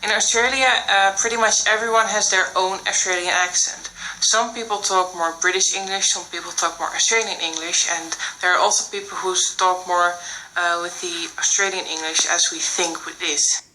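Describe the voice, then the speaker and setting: A woman's voice: on the low side, steady tone, moderate pace, pushed and bright, a little hiss or hum, rough recording. A teenage girl with a Dutch accent giving a school presentation, explaining with many fillers. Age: teens.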